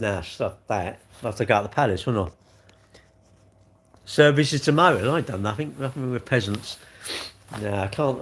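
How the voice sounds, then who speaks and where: Cheeky guy on stream. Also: mid-range voice. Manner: rambling, cheeky banter, swearing. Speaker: live streamer. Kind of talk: casual live-stream chat with viewers.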